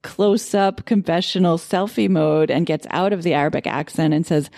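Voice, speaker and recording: A woman's voice: fairly low pitch, moderate pace, gravelly, few pauses, dark tone, no room sound. Wry woman telling a story, dry sound. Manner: storytelling, filler-heavy, wry. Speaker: podcast co-host. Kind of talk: casual comedic chat.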